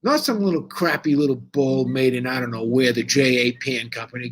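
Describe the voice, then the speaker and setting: A man's voice: mid-range voice, brisk, a little hiss or hum. A man co-hosting a casual live stream, talking in an emphatic, bossy and joking way. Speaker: co-host.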